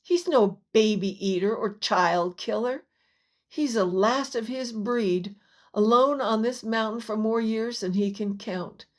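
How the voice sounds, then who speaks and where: A woman reading as a gentle young man. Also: on the high side, a little slow, close to an everyday voice.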